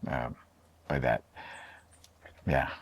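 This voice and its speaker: A man's voice: rumbling low, steady tone, drawn-out words, creaky, slightly rough, no room sound. A man, an artist being interviewed, talking casually in a rambling, hesitant way with many fillers and restarts. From Oregon, USA. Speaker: artist and painter.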